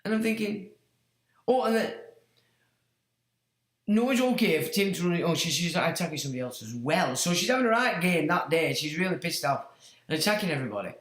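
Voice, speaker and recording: A man's voice: fairly high pitch, expressive, brisk, long pauses, a bit bright. A man hosting a livestream, telling a story in a casual, mocking, swearing way, laughing often. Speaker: livestream host. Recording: roomy echo.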